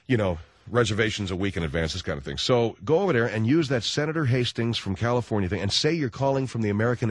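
A man's voice: mid-range voice, no room sound. A man hosting a talk radio show, brash and jokey, acting out little scenes, on a studio microphone. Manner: brash, jokey, animated storyteller who acts out voices. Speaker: radio host. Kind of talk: casual talk radio monologue.

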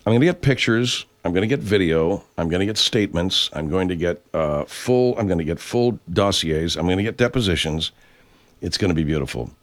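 A man's voice: deep voice, expressive, fairly quick. An older man hosting a loose live chat show from his home studio. He rambles from one viewer's name to the next, reads their messages aloud and swears freely along the way. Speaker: host.

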